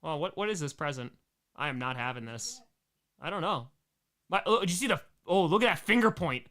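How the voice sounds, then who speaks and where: A man hosting a live stream, reacting to his own home videos with excitable, self-mocking jokes. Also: sits high, quick pace. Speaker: streamer host.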